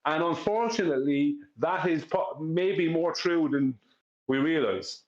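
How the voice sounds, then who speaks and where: Irish guy ranting on a stream, bit high voice, echoey muffled audio, keeps saying you know what i mean. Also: unhurried. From Ireland. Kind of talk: casual live-stream chat.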